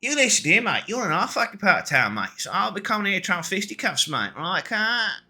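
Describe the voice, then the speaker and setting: A man's voice: sits high, sing-song, brisk, pushed and bright, voice pushed up, heavily acted. A man voicing Marlo, a crude, foul-mouthed male potion hawker who swaggers and swears constantly. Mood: threatening.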